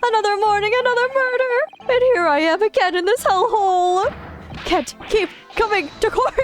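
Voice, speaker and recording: A woman's voice: very high voice, moderate pace, soft background music, voice pushed up. A woman voicing a frantic, melodramatic young man who wails theatrical exclamations.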